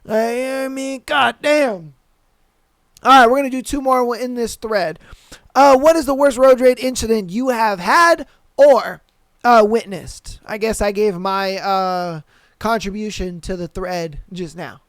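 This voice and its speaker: A podcast host with a mid-range voice tells a story at a measured pace, with no room sound. His speech is casual, slangy and profane, and he repeats phrases for emphasis. He's animated and acts out the lines people said.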